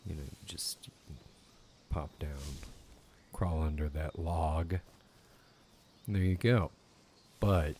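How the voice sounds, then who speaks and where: A man's voice: rumbling low, takes it slowly, pauses often, a little mellow, a little hiss or hum. A man giving casual let's play commentary while gaming, rambling and swearing casually. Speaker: gaming YouTuber.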